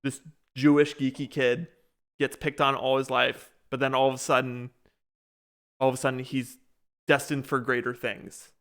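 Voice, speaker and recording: Bright-voiced young man, rambling. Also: medium pitch, flat delivery, moderate pace, long pauses, clear, resonant tone. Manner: rambling, many restarts and fillers while retelling a show. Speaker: podcast co-host. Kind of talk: casual chat.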